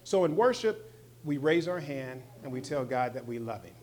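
A man preaching a sermon in a casual, slangy way, swinging from loud, emphatic stretches to soft, low asides. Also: lively intonation, normal speed. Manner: conversational, slangy, with short emphatic repeats. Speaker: pastor.

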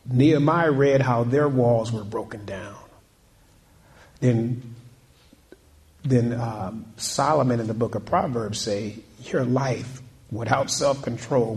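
Man preaching a lively sermon. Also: mid-range voice. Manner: preaching with rising intensity and repetition; asks the congregation questions and calls out amen. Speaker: pastor.

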